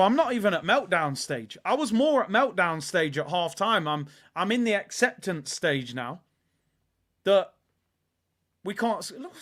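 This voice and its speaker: A man's voice: high-pitched, sing-song, moderate pace. A man hosting a live football watch-along, ranting in exasperation as he talks over the match. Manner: exasperated, ranting, swings between mutters and shouts.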